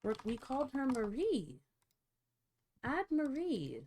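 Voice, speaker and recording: A woman streamer chatting casually to her viewers, swearing freely and reacting out loud while she fiddles with settings. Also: high-pitched, huge pitch swings, slow pace, a little hiss or hum. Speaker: livestreamer. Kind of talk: casual livestream chat.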